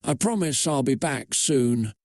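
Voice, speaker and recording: A man's voice: mid-range voice, animated, unhurried, gravelly, a little mellow, no echo, studio quality. A man reading out a frightened teenage girl who speaks hesitantly. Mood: timid.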